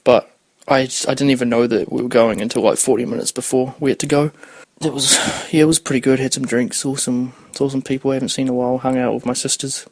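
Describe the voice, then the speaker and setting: A man's voice: mid-range voice, little pitch movement, fast, no room sound. Rambling young man, dry close sound. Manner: rambling, swears freely, loses his thread. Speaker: podcast host. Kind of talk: casual rambling chat.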